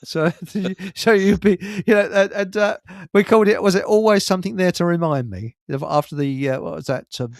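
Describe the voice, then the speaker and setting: A man's voice: high-pitched, brisk, gravelly, few pauses, no echo, clean studio sound. A man hosting a live stream show, telling rambling anecdotes in casual chat and laughing at his own stories.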